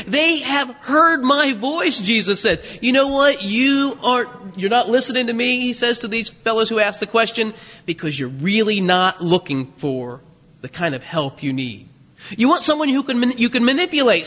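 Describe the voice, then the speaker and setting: High, bright-voiced preacher man in a hall. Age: 50s. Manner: animated, jokey preaching with self-deprecating laughs. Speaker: pastor. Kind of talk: sermon.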